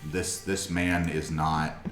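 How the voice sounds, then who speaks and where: A man's voice: rumbling low, flat delivery, takes it slowly, a bit bright, reverberant, soft background music. A man narrating a tabletop game as game master, with many hesitant fillers.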